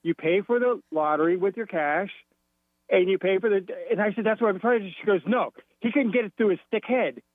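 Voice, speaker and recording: Caller on a tinny phone line. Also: male voice, high-pitched, brisk, no echo. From Florida. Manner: animated storyteller acting out both sides of a quarrel. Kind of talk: telling a story on a radio call-in.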